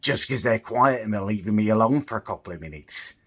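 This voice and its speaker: A young man vlogging casually. He talks quietly at first, then rants in an exasperated, sarcastic way. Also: lowish voice, expressive, a little fast. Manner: quiet, subdued at the start. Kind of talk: casual vlog rant.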